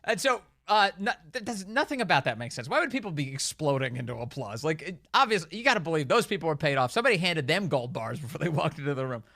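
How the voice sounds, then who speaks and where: A man's voice: on the high side, sing-song, quick pace, vocal fry, hardly any pauses, pushed and bright, no room sound, studio quality. A man hosting a talk radio show, delivering opinionated commentary in a sarcastic, mocking way and laughing often.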